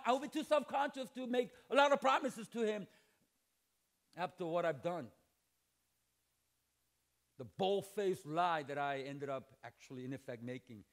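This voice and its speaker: A middle-aged man preaching a sermon to a room of students. His voice sits high and swoops wildly in pitch. He acts out little scenes and bursts into shouts for emphasis. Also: vocal fry. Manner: animated, acts out dialogue and jokes. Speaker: pastor. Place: church hall, preaching to students.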